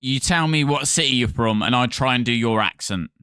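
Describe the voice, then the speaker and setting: A man's voice: mid-range voice, fairly quick, bright, forceful tone, smooth, dry recording, studio quality. A man streaming a game live, chatting casually and thanking viewers by name in a playful way.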